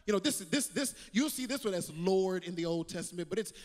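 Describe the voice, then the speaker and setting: A man preaching a sermon as pastor, repeating words as he builds and swinging from loud calls to hushed quotes. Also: sits high, expressive, a little fast, big-room sound.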